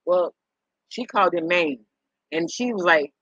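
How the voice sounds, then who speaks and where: A middle-aged woman hosts a live stream, rambling through a casual chat with viewers, chuckling often and repeating herself as she circles back. Her voice is fairly low yet bright and forceful, at a moderate pace. The recording is dry with no room sound, and dull and a little lo-fi.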